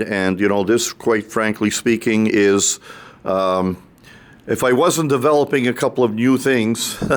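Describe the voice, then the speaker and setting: A man working as a roving reporter, interviewing people on an audio trade show floor in a rambling, chummy way with lots of restarts. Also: medium pitch. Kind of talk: casual on-the-floor interview chat.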